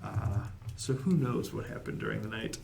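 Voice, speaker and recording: A man narrating as dungeon master of a tabletop game, halting with many fillers and restarts. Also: on the low side, gravelly, a little mellow, a little hiss or hum.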